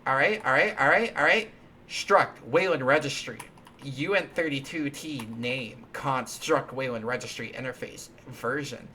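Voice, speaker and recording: A man's voice: medium pitch, a little slow, pushed and bright, slight background noise. A man hosting a live stream, chatting casually while coding, rambling and playful, with many restarts and fillers. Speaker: livestream host.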